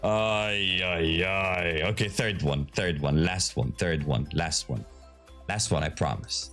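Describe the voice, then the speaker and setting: A man hosting his own video, giving casual live commentary to his viewers in an excitable, profane, teasing way. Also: deep voice, slow pace, faint music behind. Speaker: video host.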